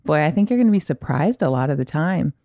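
A woman's voice: sits low, lively intonation, quick pace, warm tone, dry recording, studio quality. A middle-aged woman, a writer, speaks bluntly and emphatically as a guest in a casual podcast chat.

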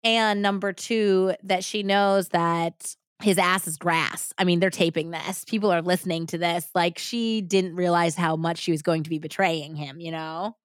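A woman's voice: fairly low pitch, moderate pace, hardly any pauses, clear, resonant tone, dry recording, studio quality. A woman podcast host retelling a story in casual chat, acting out the quotes as she goes. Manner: animated retelling with acted-out quotes.

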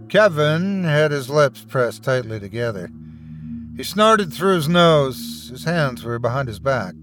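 A man's voice: mid-range voice, sing-song, measured pace, soft background music. A man hosting a horror podcast, reading a scary story aloud in a dramatic, suspenseful manner. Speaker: horror podcast host and narrator. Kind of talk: scripted horror story narration.

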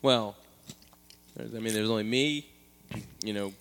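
A man's voice: fairly low pitch, unhurried, a bit bright, clean tone, in a large hall. A man co-hosting a podcast, talking in a dry, casual way, padded with "you know.". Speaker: podcast co-host. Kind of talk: casual comedic banter.

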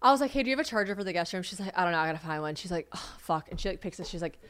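Young woman podcast host, quick casual chat, low voice, swears a lot, acts out quotes. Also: animated, fairly bright tone.

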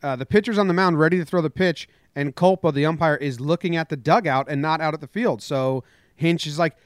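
A man on a casual sports podcast, talking with a slightly raised pitch and lively storytelling. His voice is close and dry, with no room around it. He acts out the shouting of the people in his story. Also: a little fast, no room sound. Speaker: podcast co-host.

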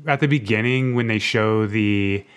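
A man's voice: lowish voice, normal speed, clean tone. Chatty man recapping a show. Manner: chatty, laughs often, lots of "like" fillers. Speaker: podcast co-host. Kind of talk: casual chat recapping a TV episode.

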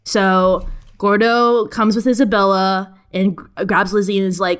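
A woman's voice: mid-range voice, flat delivery, unhurried, clear, resonant tone. A woman podcast guest retelling a film scene in casual chat, a bit self-deprecating.

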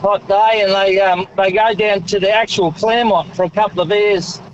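An Australian man calling in to radio with a high voice. He is chatty and chuckles as he tells his story. The line is muffled, with faint traffic behind him. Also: steady tone, moderate pace. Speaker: radio caller. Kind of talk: telling a story on the phone.

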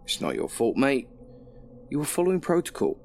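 Narrator doing a mate, brisk, flat and dismissive. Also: male voice, mid-range voice, a little hiss or hum. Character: blunt English mate, calm and dismissive.

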